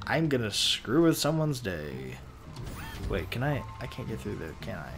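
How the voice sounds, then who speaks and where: A man's voice: on the low side, big pitch swings, moderate pace, slight background noise. A man doing casual let's play commentary, tired and yawning, rambling and talking to himself with frequent restarts.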